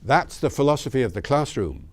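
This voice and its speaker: Lively older man lecturing teachers. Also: mid-range voice, brisk. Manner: lively, conversational, emphatic with asides. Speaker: linguist speaking to teachers. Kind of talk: lecture-style talk to teachers.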